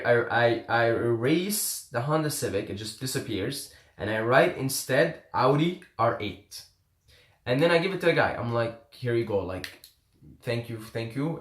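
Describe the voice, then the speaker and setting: A man from Syria casually telling a story, laid-back and rambling with lots of fillers. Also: medium pitch. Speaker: self-help vlogger. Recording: echoey room.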